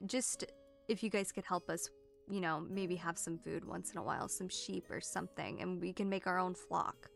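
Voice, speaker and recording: A woman's voice: on the low side, normal speed, creaky, faint music behind. A woman voicing a female wolf pack leader who pleads earnestly in a tabletop game. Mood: pleading.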